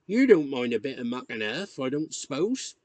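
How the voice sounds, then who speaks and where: A man doing a gruff old countryman. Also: mid-range voice, very animated, normal speed, a little mellow, no echo, lightly acted. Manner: rural dialect, terse. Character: gruff elderly countryman, curt and grudging.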